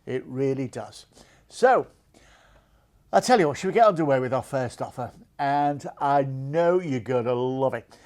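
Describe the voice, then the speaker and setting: A man's voice: mid-range voice, lively intonation, a little slow, darkish tone. A man hosting a TV cruise deals show, talking in an enthusiastic, salesy, chatty way full of "you know" fillers.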